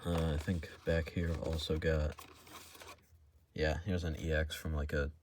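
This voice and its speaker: A young man talking casually while opening trading card packs, in a monotone voice that stalls and restarts often. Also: very deep voice, unhurried, background noise. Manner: monotone, hesitant with many restarts. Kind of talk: casual unboxing vlog.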